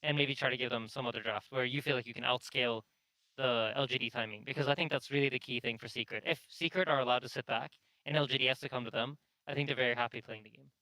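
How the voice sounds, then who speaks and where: Fast-talking bright male esports analyst. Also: medium pitch, steady tone, no echo, low-quality recording. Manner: measured, analytical. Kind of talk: panel analysis.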